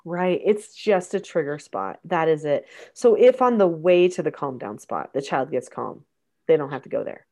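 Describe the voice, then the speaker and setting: A middle-aged woman talks parents through a method in an earnest, instructive way. Her voice sits a little low. Now and then she acts out gentle prompts to a child. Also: lively intonation, normal speed. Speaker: parenting coach. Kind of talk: teaching conversation.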